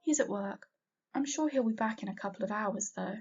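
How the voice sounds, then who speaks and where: A woman voicing a kind, motherly aunt in a storybook reading, speaking in a gentle, reassuring way. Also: mid-range voice, brisk, creaky, breathy edge, highs cut off.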